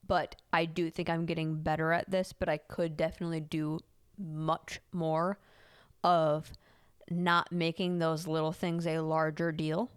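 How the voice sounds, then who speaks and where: A woman's voice: deep voice, flat delivery, a little slow, smooth, no room sound, studio quality. A woman co-hosting a podcast, talking in a self-reflective, frustrated way that keeps rising into exasperation. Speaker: podcast co-host. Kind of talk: casual conversation.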